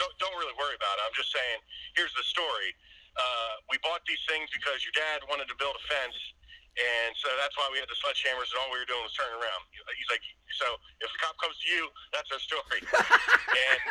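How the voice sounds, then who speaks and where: A man's voice: medium pitch, bright, forceful tone, no echo, low-quality recording. A man in casual chat, telling a rambling, profane story and acting out what others said. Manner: rambling, profane, acts out quoted voices.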